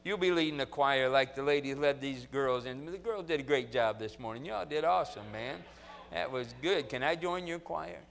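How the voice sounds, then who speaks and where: A man's voice: mid-range voice, normal speed, vocal fry. A man preaching a jokey, rousing sermon at a college chapel. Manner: jokey, loud and rousing with the crowd.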